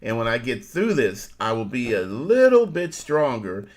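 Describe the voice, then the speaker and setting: This middle-aged co-host of a casual live-stream chat is folksy and laughs readily, often calling his listeners family. His mid-range voice has a sing-song lilt.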